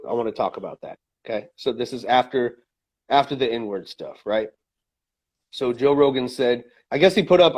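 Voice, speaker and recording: Opinionated man rambling on a podcast. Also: mid-range voice. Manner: opinionated, rambling with many fillers and restarts. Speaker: podcast co-host. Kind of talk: casual opinion chat.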